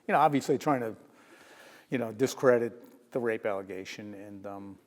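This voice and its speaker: An older man, a retired sports journalist telling lively stories in an interview, often laughing. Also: on the low side, moderate pace, long reverb tail. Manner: lively anecdotal storyteller who laughs and acts out quotes. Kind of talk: storytelling in a sit-down interview.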